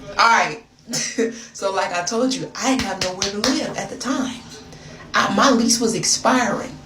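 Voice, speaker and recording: An American woman telling a chatty confession story straight to her viewers, talking to them like a friend. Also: a little high. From United States. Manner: chatty, animated, addresses listener as girl. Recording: roomy, distant, noisy phone video.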